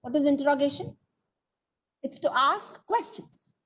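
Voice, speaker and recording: A high-pitched woman with an Indian English accent gives an online grammar lesson over a video call. She keeps asking her students questions and nudges them to answer. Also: big pitch swings, moderate pace, poor audio. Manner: coaxing, asks the class questions and answers them. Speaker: teacher. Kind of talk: online coaching lecture.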